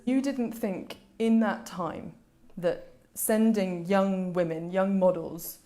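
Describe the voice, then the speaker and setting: A woman's voice: mid-range voice, takes it slowly, mellow, faint music behind. A woman journalist asking pointed, pressing interview questions.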